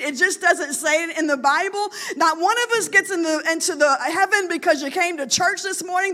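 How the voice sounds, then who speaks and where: High bright-voiced woman in her forties preaching. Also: normal speed, few pauses. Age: 40s. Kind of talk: sermon.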